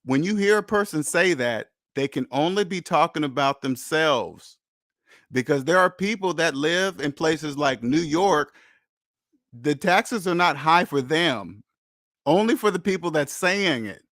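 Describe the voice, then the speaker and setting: A man's voice: on the high side, animated, unhurried, fairly bright tone, no room sound, clean studio sound. A man hosting a channel in a blunt, lecturing monologue, repeating points for emphasis. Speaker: host. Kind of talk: casual monologue.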